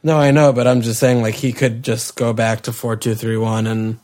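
A man's voice: medium pitch, level tone, normal speed, darkish tone. A man co-hosting a casual sports chat, laid-back and teasing, with blunt remarks. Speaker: podcast co-host. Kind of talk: casual fantasy football chat.

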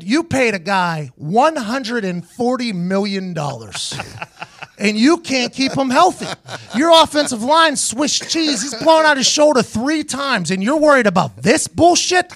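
Male host, raspy high-ish voice, brash locker-room storyteller who cusses and laughs, dry booth. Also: measured pace, dry recording. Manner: animated, profane, laughs through his stories. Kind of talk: casual storytelling.

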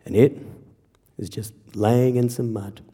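A man telling a true story live on stage, wry and animated, acting out the voices of the people he quotes. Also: medium pitch, unhurried. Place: theater stage before an audience. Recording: reverberant hall.

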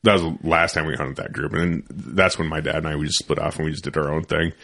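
A man's voice: very deep voice, little pitch movement, fast, gravelly, fairly bright tone. A young man hosting a podcast, telling a loose, profane, rambling story in a casual studio chat. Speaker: podcast host.

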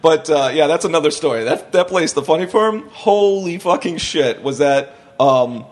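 A man's voice: fairly high pitch, normal speed. A man hosting a podcast, telling stories in a loose, rambling way and acting out the people he quotes. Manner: rambling, animated storyteller who acts out quotes. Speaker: podcast host. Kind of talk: casual chat, storytelling.

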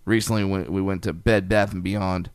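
A man's voice: deep voice, normal speed, clean tone, no echo. Male comic host, 30s, casual rambling storyteller, clean dry sound. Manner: rambling, chuckly, animated storytelling. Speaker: podcast host, comedian. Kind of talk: casual chat.

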